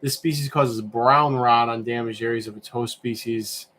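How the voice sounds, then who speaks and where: A man's voice: medium pitch, steady tone, moderate pace, bright, forceful tone. Man musing aloud on a livestream. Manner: rambling, musing, self-questioning with fillers. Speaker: livestream host. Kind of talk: casual livestream chat, thinking aloud while browsing.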